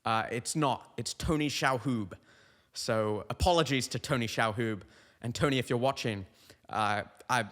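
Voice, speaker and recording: A young adult comedian hosts a comic podcast monologue, rambling through stories packed with tangents. His mid-range, slightly bright voice moves at a moderate pace, trailed by a long reverb tail.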